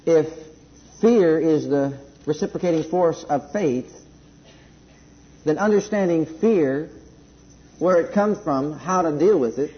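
A man preaching a sermon, emphatic at times and then dropping to a soft, slow delivery, in a dull lo-fi recording. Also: a little high. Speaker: pastor.

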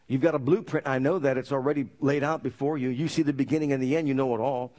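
A man preaching a sermon, telling his story with lively energy and asking the congregation for amens. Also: medium pitch, fast talker, hardly any pauses. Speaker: pastor.

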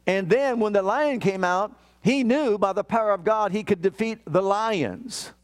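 High-voiced man preaching a sermon. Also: a little slow. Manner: emphatic preaching, reads scripture aloud, tells family anecdotes. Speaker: pastor.

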